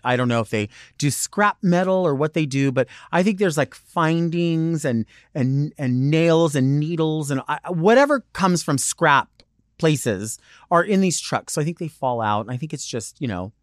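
A male podcast host talks on his own in a loose, wandering monologue, hopping from one thought to the next with plenty of fillers. His voice sits at a middling pitch for a man. The recording is dry and close, with no room echo. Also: a bit bright. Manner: rambling, digressive, chatty with many "like"s. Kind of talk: casual solo monologue.

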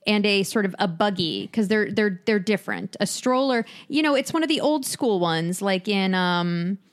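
A woman's voice: mid-range voice, lively intonation, moderate pace. A woman co-hosting a podcast, casually recapping a TV episode with lots of fillers and searching for words. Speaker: podcast co-host.

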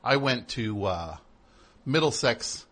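Husky male host, chatty and rambling. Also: mid-range voice, lively intonation, slow, pushed and bright. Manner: chatty, frequent affirmations, rambling asides. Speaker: radio host. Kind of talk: casual interview chat.

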